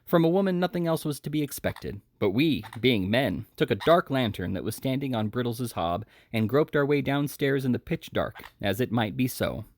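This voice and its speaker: A man's voice: mid-range voice, animated, normal speed, few pauses, natural voice. A man reading the lines of a pompous middle-aged male butler in an audiobook, telling his tale with boastful drama.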